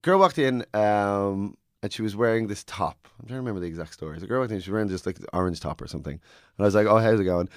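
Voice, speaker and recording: A man, a stand-up comedian, chatting casually and telling animated stories. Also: fairly low pitch, quick pace, no echo, studio quality. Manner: animated storyteller, acts out quotes. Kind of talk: casual chat.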